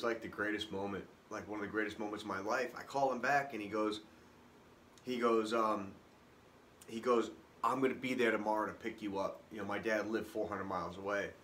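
A man telling his own life story unscripted, halting and emotional, with many restarts. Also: fairly low pitch, a bit bright, a little hiss or hum. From Boston area, US. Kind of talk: personal testimony, unscripted.

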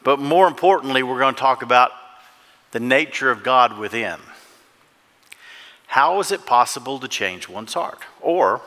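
Man, pastor, fervent sermon, questions the congregation, bright tone, long church reverb. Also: mid-range voice, lively intonation, moderate pace, long pauses. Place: church sanctuary. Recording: echoey church hall.

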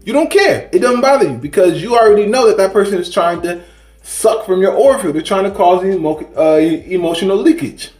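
A man with a high-pitched voice delivers a rambling spiritual talk to his viewers, preachy and casual, stumbling through restarts. The room is echoey, and soft music plays faintly behind him. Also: lively intonation, a little fast. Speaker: spiritual vlogger. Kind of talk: casual monologue to camera.

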